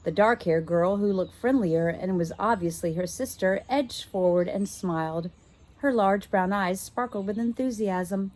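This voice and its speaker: Woman, teacher, children's book read-aloud, expressive, mid-pitched voice. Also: measured pace. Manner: expressive, stops to puzzle out words.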